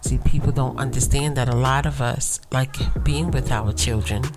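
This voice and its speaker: Over loud background music, a woman with a rumbling low voice hosts her own solo podcast at a moderate pace. Her chat is casual and affirming, peppered with "right?" aimed at listeners, and she sounds tired.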